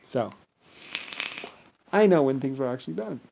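A man talking in a rambling, grandiose monologue, mostly low and mumbled with sudden loud bursts, mocking others in blah-blah voices. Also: animated, normal speed, vocal fry. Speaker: vlogger.

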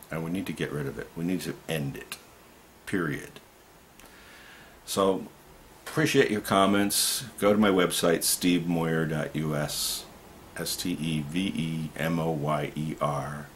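A man giving an impassioned political monologue to camera, swinging between loud outbursts and low muttering. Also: measured pace, slight background noise. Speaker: activist vlogger.

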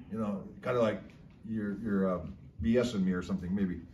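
A man's voice: on the low side, darkish tone, lo-fi sound, slight background noise. A man casually explaining local slang words, chuckling often as he talks. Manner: slow, chuckling, drawn-out storytelling. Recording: echoey room, slightly distant mic.

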